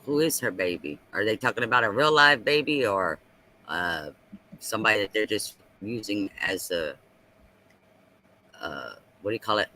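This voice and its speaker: A man talking on a casual live stream, animated and ranting, repeating himself as he makes his point. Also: on the low side, normal speed, low-quality recording.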